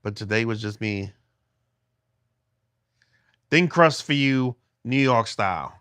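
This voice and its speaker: A man's voice: medium pitch, takes it slowly, a bit bright, clear, resonant tone, dry recording. Chatty man livestreaming from his phone. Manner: rambling, many restarts, chatty with commenters. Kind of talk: casual livestream chat with viewers. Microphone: phone held in hand.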